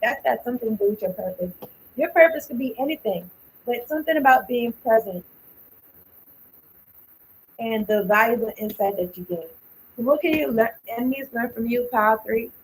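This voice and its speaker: A woman's voice: a little high, expressive, normal speed, long pauses, slightly rough, rough recording. A woman giving a casual tarot reading, thinking aloud, blunt and informal, often trailing off. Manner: blunt and informal, with slang and swearing. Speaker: tarot card reader.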